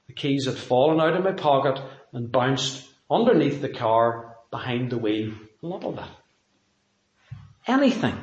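Echoey preacher man, conversational. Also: a little high. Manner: conversational, telling personal anecdotes. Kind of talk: sermon.

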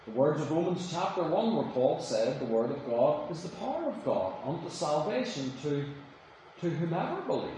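Preacher in an echoey church. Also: male voice, fairly high pitch, mellow, slight background noise. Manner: conversational storytelling with emphatic rises. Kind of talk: sermon. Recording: echoey room, voice from a distance.

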